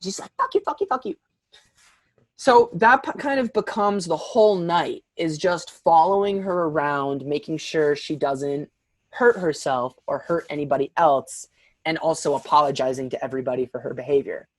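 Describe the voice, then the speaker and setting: A man's voice: a little high, normal speed, no echo. Young man telling a wild story. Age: young adult. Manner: animated, filler-heavy, frequent "like". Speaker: podcast guest. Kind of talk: casual storytelling.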